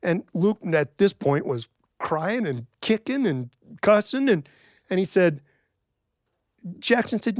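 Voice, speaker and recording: A middle-aged man telling a folk tale in a wry, folksy, animated way. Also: high-pitched, slow pace, no echo, clean studio sound. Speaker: storyteller. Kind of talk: told folk-tale storytelling.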